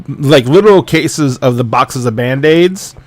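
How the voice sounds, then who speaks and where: A man narrating as game master, describing a scene with casual, halting wording. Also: mid-range voice, no room sound.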